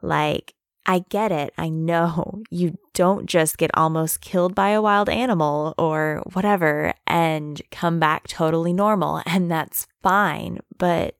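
A woman's voice: fairly low pitch, steady tone, slow pace, no room sound, studio quality. An actress playing a young woman neighbor who talks in an easygoing, friendly, casual way. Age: young adult. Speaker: dorm neighbor.

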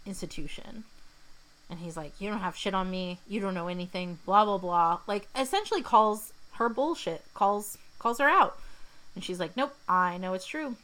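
A woman's voice: on the low side, pushed and bright, low-quality recording. A young woman co-hosting a podcast, chatting casually as she recaps a film scene by scene. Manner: chatty, retells scenes in quoted voices. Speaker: podcast co-host. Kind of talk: casual movie recap chat.

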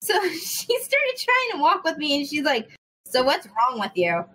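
A young woman telling a story in casual chat, animated, swearing freely and acting out the people in it. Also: high-pitched, measured pace, slight background noise, low-quality recording. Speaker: podcast host.

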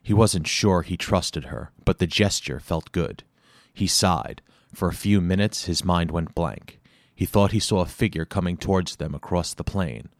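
Deep-voiced male audiobook narrator. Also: a little slow, no echo, studio quality. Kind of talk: scripted narration.

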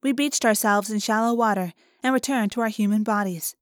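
A woman reading a first-person audiobook in a clear, even storytelling manner. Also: mid-range voice, a little fast, dry recording, clean studio sound. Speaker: audiobook narrator.

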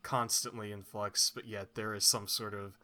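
A man's voice: lowish voice, level tone, moderate pace, noisy background. A young man co-hosting a casual comedy podcast, goofy and rambling with lots of filler words. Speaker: podcast co-host.

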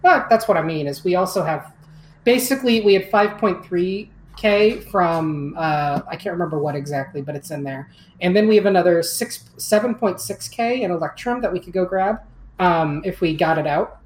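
A young woman playing a tabletop game in casual chat, excitable, swearing freely and stammering when upset. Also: on the low side, normal speed, echoey room, low-quality recording.

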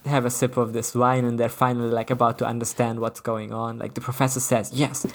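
A man's voice: medium pitch, little pitch movement, brisk, a little hiss or hum. Rambling man from Italy, chatting casually. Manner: rambling, full of "like" fillers. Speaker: podcast co-host. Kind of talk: casual comic book discussion.

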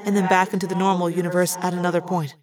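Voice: medium pitch, level tone, very fast, a little mellow, no echo, close to an everyday voice. A reader voicing a young, earnest male alien cadet who speaks timidly and eagerly.

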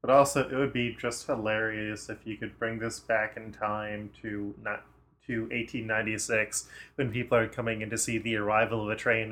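A man's voice: lowish voice, fairly bright tone. A man co-hosting a casual movie podcast, sharing trivia and murmuring agreement. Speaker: podcast co-host. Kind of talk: casual movie-review chat.

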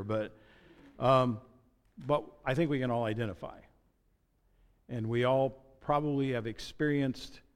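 A man's voice: medium pitch, big-room sound. A man preaching a sermon as pastor, conversational and joking, with asides and restarts.

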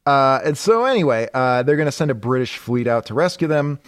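A man's voice: mid-range voice, lively intonation, fairly quick, clear, resonant tone, no echo, studio quality. A man co-hosting a podcast, casually retelling a comic book plot with profanity, filler words and laughter. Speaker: podcast co-host. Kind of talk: casual chat.

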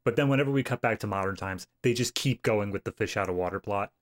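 A man's voice: lowish voice, quick pace. A young man with a General American accent, co-hosting a movie podcast in casual, wry chat. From United States. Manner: animated, wry, acts out quoted lines. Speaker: podcast co-host.

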